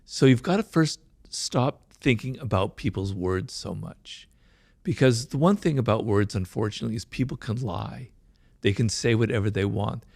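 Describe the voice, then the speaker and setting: A middle-aged man talking fast and emphatically as an author in an interview, often checking in with "right?". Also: fairly low pitch, lively intonation, creaky, a little mellow, no room sound. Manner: fast-talking, admits his mind races; emphatic, peppers points with "right?". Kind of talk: conversational interview.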